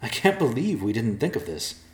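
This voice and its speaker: A man's voice: medium pitch, sing-song, normal speed, voice pushed up, natural voice. A man voicing a thoughtful young human man who reasons things out. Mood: earnest. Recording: roomy echo.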